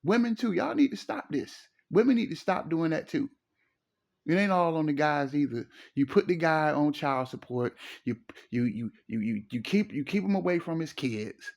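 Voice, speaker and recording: Gravelly man giving earnest advice. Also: a little high, expressive, moderate pace. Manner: preachy, emphatic, repeats phrases. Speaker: relationship commentator. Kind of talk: casual advice monologue.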